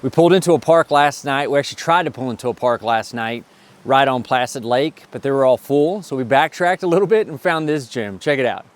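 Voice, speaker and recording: A man's voice: mid-range voice, animated, fairly quick. A man in his thirties talking casually to camera outdoors at a campsite by flowing water, upbeat and jokey. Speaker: travel vlogger. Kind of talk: casual travel vlog to camera.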